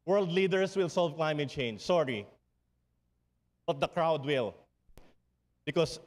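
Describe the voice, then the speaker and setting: A man with a Filipino accent and a fairly high voice gives a passionate speech to an audience, throwing out rhetorical questions and hammering home repeated phrases. He stumbles and restarts now and then. His voice rings out with the long reverb of a large hall. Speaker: speaker at a public forum. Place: event venue with an audience.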